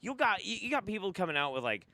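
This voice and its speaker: A man's voice: high voice, big pitch swings, quick pace, pushed and bright, no echo. A man hosting a reaction commentary show, swearing freely and breaking into incredulous laughter. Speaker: host.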